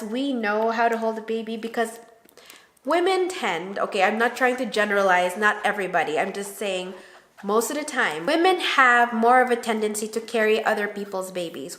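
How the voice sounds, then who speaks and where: Animated new mom in a roomy space. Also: female voice, a little high. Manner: animated storyteller who acts out quoted dialogue. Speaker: new mother vlogging with her husband. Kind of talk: casual chat to camera. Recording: roomy echo.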